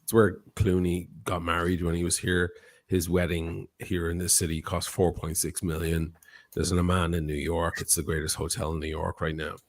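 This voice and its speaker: A man with a fairly low voice tells a long anecdote to a live-stream audience. He swears freely and slips into quoted voices to act out each person in the story. He talks the way a watch collector and channel host chats with his viewers. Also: normal speed. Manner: profane, animated anecdote with acted-out quotes.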